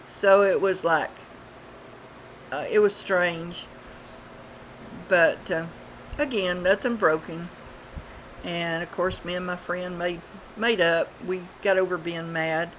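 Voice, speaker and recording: A woman, telling childhood stories in a rambling, unhurried way with many fillers, recorded on a webcam at home. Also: fairly low pitch, steady tone, slight background noise, rough recording. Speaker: vlogger. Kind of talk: casual storytelling.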